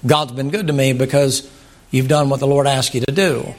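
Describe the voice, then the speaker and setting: A man's voice: mid-range voice, steady tone, normal speed, darkish tone. An older man, a pastor giving a folksy, humorous sermon. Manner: folksy, humorous, plainspoken preaching.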